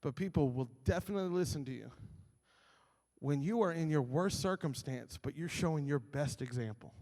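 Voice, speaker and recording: A man's voice: a little high, normal speed, a little mellow, in a large hall. A male pastor preaching a sermon, telling stories animatedly and acting out his own grumbling.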